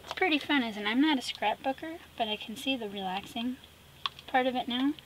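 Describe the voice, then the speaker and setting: A woman vlogging as she makes an art collage. She chats casually and sassily, talks to herself as she works, and often drops into soft whispers. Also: a little high, fairly quick, poor audio. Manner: chatty, drifting into soft whispers; sassy, talks to herself while working. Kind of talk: casual chat while crafting. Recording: steady background noise with clicks.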